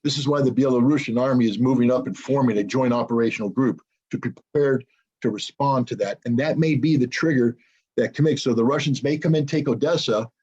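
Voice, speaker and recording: Blunt husky-voiced man, lo-fi. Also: mid-range voice, darkish tone. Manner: blunt, opinionated, repeats words when searching. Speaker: interview guest, military analyst. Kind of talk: unscripted interview commentary.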